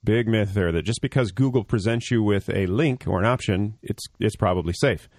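On a casual radio tech program, a co-host gives long, blunt explanations laced with jokes. He speaks briskly in a lowish voice with a darkish tone, in a dry studio-quality recording.

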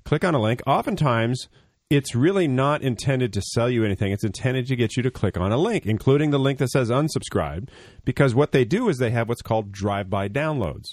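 A man's voice: mid-range voice, animated, a little fast, a little mellow, no room sound, studio quality. A man co-hosting a radio tech show, explaining things at length in a blunt, joking way. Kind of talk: casual radio tech talk.

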